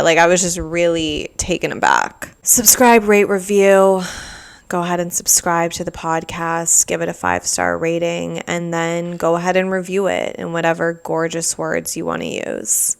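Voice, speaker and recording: In a laid-back solo podcast, the young female host rambles along, dropping "like" often and adding sarcastic asides. She talks at normal speed in a lowish, creaky voice that still comes across clear and resonant.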